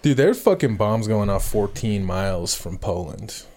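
A man's voice: lowish voice, lively intonation, normal speed, a little mellow. A man co-hosting a podcast, talking bluntly with frequent swearing. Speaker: podcast co-host. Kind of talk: casual chat.

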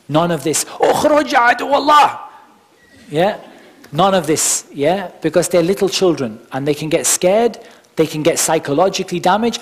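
A workshop instructor gives an informal, conversational lecture, explaining things step by step with frequent asides. His voice sits on the high side with a darkish tone.

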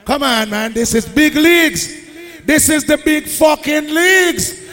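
A man hosting a live sound clash, shouting sing-song hype calls in patois. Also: very high-pitched, unhurried. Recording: live hall with long reverb and music.

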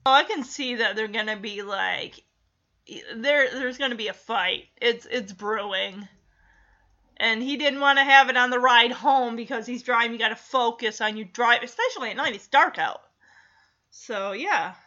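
A woman giving an animated reaction commentary, laughing and retelling scenes as she watches. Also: on the high side, moderate pace, muffled recording. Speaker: reaction video host.

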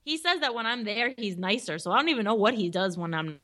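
A woman's voice: medium pitch, lively intonation, fast talker, bright, forceful tone. Female co-host, casual chat, blunt and chatty, frequent laughter. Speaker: podcast co-host.

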